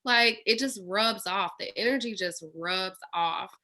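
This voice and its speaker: An enthusiastic woman shares coaching tips over a video call. Her tone is bright and crisp with a cutting edge. She stresses her points with energy. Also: mid-range voice, measured pace. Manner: enthusiastic, emphatic. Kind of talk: casual coaching talk.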